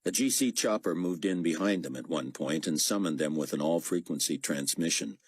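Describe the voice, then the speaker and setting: A man's voice: very deep voice, moderate pace, hardly any pauses, breathy edge, dry recording. A man narrating an audiobook expressively, voicing many characters. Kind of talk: scripted narration.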